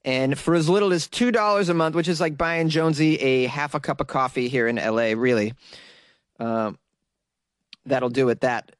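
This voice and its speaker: A chatty man rambles through his podcast and laughs often as he talks. He records in a closet at home, so his mid-pitched voice sounds close and dry. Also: moderate pace, clean tone, no room sound. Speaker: podcast host. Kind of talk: casual monologue.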